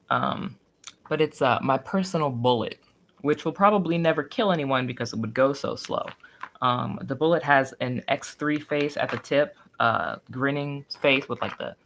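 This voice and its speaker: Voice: mid-range voice, fairly bright tone, slight background noise. A young adult livestreamer chatting casually, rambling, swearing freely and getting giggly and flustered when reacting to old drawings.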